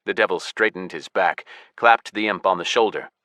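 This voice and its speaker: A man's voice: deep voice, moderate pace, sharp tone, no room sound. A man narrating a science fiction audiobook in the first person, wry and matter-of-fact, on a close studio mic.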